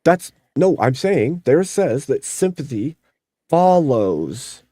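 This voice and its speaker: A man's voice: medium pitch, big pitch swings, slow pace, mellow, dry recording, clean studio sound. A man hosting a casual stream debate, insistently repeating pointed questions. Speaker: streamer host.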